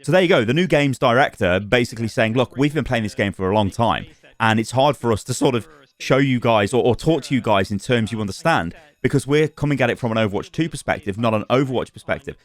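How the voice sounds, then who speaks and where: A man hosting a casual gaming news channel, chatty and animated, laughing at his own asides. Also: medium pitch, quick pace.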